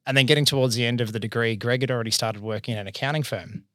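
Animated Australian man telling a story. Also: medium pitch, rapid-fire, no room sound. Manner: animated, acts out quoted voices. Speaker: accountant and business owner. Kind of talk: casual storytelling.

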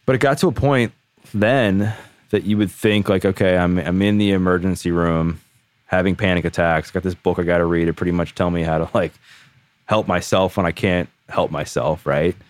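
A man in his thirties, a podcast guest, telling his own story candidly in a casual, animated way, full of "like". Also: low-pitched, normal speed, dry recording. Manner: candid, animated, heavy use of "like".

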